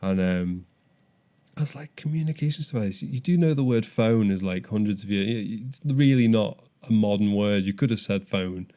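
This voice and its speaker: A man's voice: fairly low pitch, moderate pace, warm tone. A young man co-hosting a podcast, telling a story animatedly with frequent restarts. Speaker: podcast co-host. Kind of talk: casual chat.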